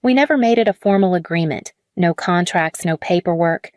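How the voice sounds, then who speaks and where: A woman reading a scripted first-person drama story in a measured, even way. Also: fairly low pitch, no echo, studio quality. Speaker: story narrator.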